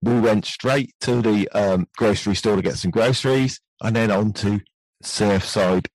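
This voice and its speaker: A British man hosting a podcast in a gentle, soft-spoken way. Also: lowish voice, measured pace, no echo, poor audio. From United Kingdom. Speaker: podcast host. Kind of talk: casual podcast chat.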